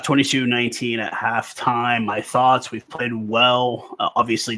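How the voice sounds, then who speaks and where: A man's voice: fairly low pitch, pushed and bright. A man in his forties chatting casually and rambling through live rugby commentary on a stream. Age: 40s. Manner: rambling, conversational, filler-heavy.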